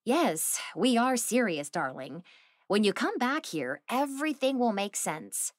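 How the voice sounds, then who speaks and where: Woman voicing a calm, doting witch aunt. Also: on the high side, a little slow, no echo, clean studio sound, voice pushed up. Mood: patient. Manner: soothing, endearments.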